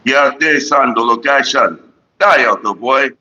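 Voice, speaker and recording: Here the host's voice sits mid-range with a sharp tone and moderate pace. He's easygoing and profane, wandering from topic to topic while welcoming chatters on his headset mic, and the recording comes across somewhat dull and lo-fi.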